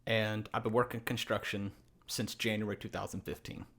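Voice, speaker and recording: A young man in his twenties tells a story on a podcast in a casual way. He is animated and acts out the lines of the people in it, and he laughs often as he goes. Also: on the low side, normal speed, gravelly. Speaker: podcast guest.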